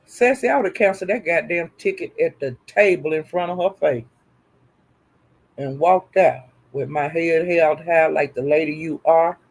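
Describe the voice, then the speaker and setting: A man talks straight to his viewers in a casual, profane livestream rant. He circles back on the same phrases again and again, swinging between fired-up declarations and lower, steadier reassurance. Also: normal speed. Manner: animated, profane, repeats phrases for emphasis. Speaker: online commentator.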